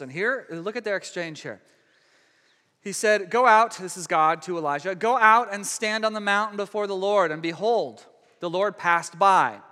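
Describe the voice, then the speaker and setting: A man preaching a sermon in a conversational way, stumbling over restarts and dropping to a hush for emphasis. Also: sits high. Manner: conversational preaching with frequent restarts, dramatic hushed drops. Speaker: pastor. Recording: long hall reverb.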